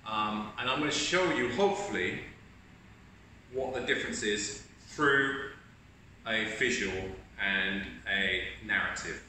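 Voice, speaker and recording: A man's voice: fairly low pitch, expressive, takes it slowly, sharp tone, slight background noise. A man giving a chatty, encouraging self-help talk to camera as host, recorded in an echoey room from a distant mic. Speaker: video host.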